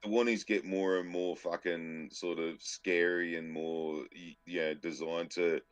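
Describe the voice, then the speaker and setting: A man's voice: deep voice, flat delivery, a little slow, no room sound. A man co-hosting a podcast, telling stories in a rambling, profane casual chat. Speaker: podcast co-host.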